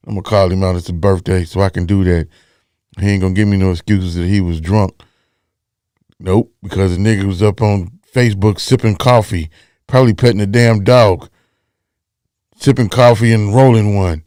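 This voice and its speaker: A man's voice: on the low side, moderate pace, a little mellow, no room sound, studio quality. A man hosting a casual talk show, rambling loosely and repeating phrases for emphasis. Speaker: podcast host.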